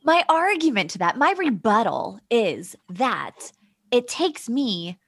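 A woman's voice: a little high, sing-song, slow, a bit bright, slight background noise. A woman co-hosting a podcast in casual comedic chat, candid and laughing often. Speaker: podcast co-host.

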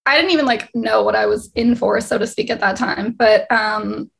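Gravelly young woman chatting on a video call. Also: a little high, moderate pace. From Canada. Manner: chatty, filler-heavy, laughs often. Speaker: singer-songwriter guest. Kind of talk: casual interview over video call.

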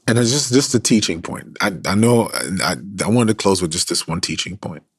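A man's voice: on the low side, a little fast, breathy edge, dry recording, clean studio sound. A man preaching a sermon as pastor, earnest, sometimes dropping to a whisper for emphasis.

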